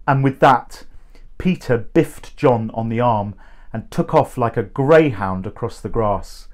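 A man reading a short story aloud, measured and expressive. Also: mid-range voice.

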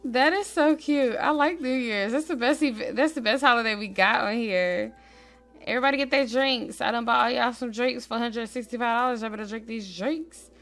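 A woman hosting a casual let's-play, chatting straight to her viewers and swinging between quiet murmuring and excited squeals. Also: fairly high pitch, a little fast, soft background music. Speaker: gaming channel host.

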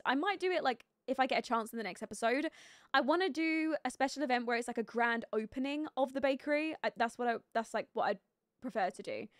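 A woman's voice: high voice, a bit bright, no room sound, studio quality. A young woman chatting casually while live-streaming a life-sim game, giggly and full of fillers as she greets viewers and reacts to the game. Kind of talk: casual gameplay commentary.

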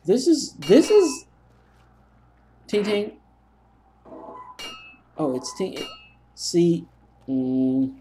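Animated, rambling young man gaming. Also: high-pitched, drawn-out words, pauses often, slight background noise. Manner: rambling, self-mocking storytelling. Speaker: gaming commentator. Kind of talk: let's play commentary.

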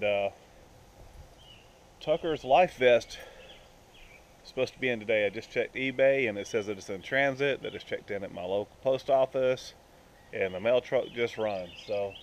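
A man's voice: on the low side, a little slow, long pauses, slight background noise. A man vlogging outdoors by a lake, chatting casually and talking to his dogs in baby talk. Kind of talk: casual vlog narration.

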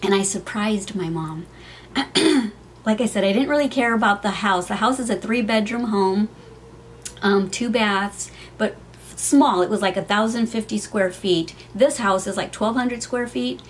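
A woman's voice: medium pitch, measured pace, a little hiss or hum. Chatty middle-aged woman telling a story. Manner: chatty, heartfelt storytelling with many fillers. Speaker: vlogger. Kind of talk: personal storytime. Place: at home.

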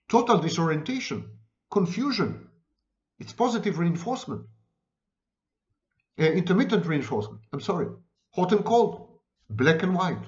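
A man's voice: mid-range voice, muffled recording. A man giving an unscripted lecture on psychology, emphatic, often repeating and restating his phrases.

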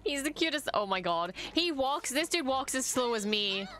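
A young woman streamer reacting casually to an episode, excitable, gasping and swearing, with its soundtrack playing behind her. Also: a little high, moderate pace, faint music behind.

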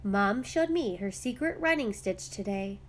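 A woman voicing an eager young girl in a storybook, bright and excited. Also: medium pitch, unhurried, lightly acted.

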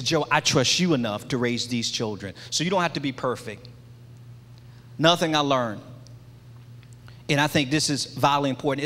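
A man's voice: fairly high pitch, pushed and bright. A middle-aged man leading a church men's ministry, giving an impassioned testimony sermon with a repetitive preaching cadence. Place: large church sanctuary. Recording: long hall reverb.

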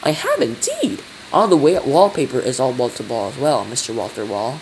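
A man voicing a pompous male hotel manager with a drawn-out way of talking in a storybook reading. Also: medium pitch, wildly swooping pitch, darkish tone, a little hiss or hum, low-quality recording.

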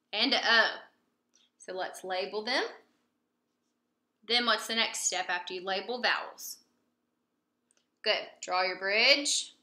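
A young woman teacher walks young pupils through a phonics lesson at an unhurried pace, waiting for their answers and praising them. Her voice is very bright and fairly high. The room around her sounds echoey. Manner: patient, prompting and praising pupils with pauses. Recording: roomy echo.

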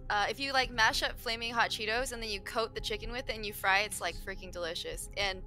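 A woman's voice: medium pitch, fast, sharp tone, soft background music. A woman contestant in casual chat, teasing playfully and swearing. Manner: playful trash talk, swearing.

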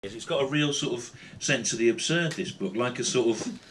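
A man's voice: mid-range voice, animated, moderate pace, a crowd in the background. A man hosting a panel conversation at a bookshop event, asking wry and hesitant questions. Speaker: host. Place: bookshop event before a live audience.

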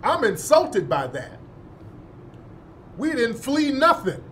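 Speaking slowly in a very high, sing-song, slightly bright voice, an American host born in the North and raised in the South offers indignant, heated commentary on his show. He curses and repeats phrases for emphasis, with slight background noise behind him.

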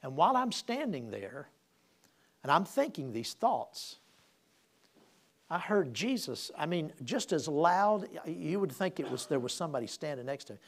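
Male pastor, gravelly, a bit high-pitched, storytelling sermon, restarts a lot and builds up emphasis. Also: sing-song, moderate pace.

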